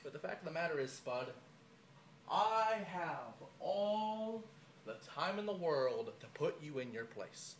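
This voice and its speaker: A man's voice: mid-range voice, lively intonation, brisk, few pauses, a little hiss or hum. Taunting young man with a cold. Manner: taunting, scornful, rambling. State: has a cold. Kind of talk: wrestling-style trash-talk promo.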